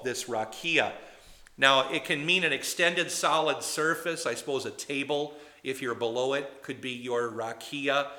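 Bright-toned chatty male preacher. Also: on the high side. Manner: chatty and digressive, quizzing the congregation. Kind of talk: conversational sermon teaching.

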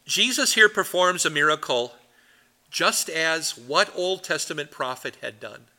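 A middle-aged man, a pastor, leading a Bible study in an animated, rambling storytelling way. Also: fairly high pitch, unhurried.

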